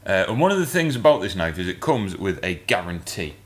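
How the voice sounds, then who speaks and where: A man, telling a long rambling story in casual podcast chat and getting animated as he goes. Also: sits low, fairly quick.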